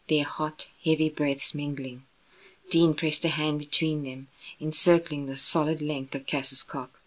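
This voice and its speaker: A woman narrating romance fan fiction in an even, unhurried reading voice. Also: deep voice. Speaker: audiobook narrator.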